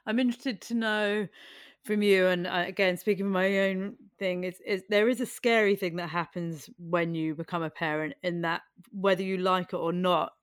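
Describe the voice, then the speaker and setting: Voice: mid-range voice, steady tone, moderate pace, clean tone, no room sound, clean studio sound. A podcast host asking thoughtful, reflective questions in a conversational way. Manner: thoughtful, reflective, hesitant restarts.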